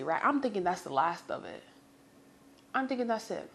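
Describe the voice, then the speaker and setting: A young woman telling a story in a chatty, animated way, swearing freely and talking to her listeners as girl. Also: a little high, moderate pace, slight background noise. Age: young adult. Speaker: storytime vlogger. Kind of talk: casual storytelling.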